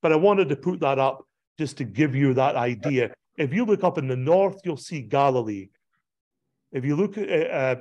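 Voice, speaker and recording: A man, a pastor, giving a conversational illustrated talk, often pausing on fillers and restarting his sentences. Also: mid-range voice, darkish tone. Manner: conversational, digressive lecturing with frequent fillers and restarts. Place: church hall presentation.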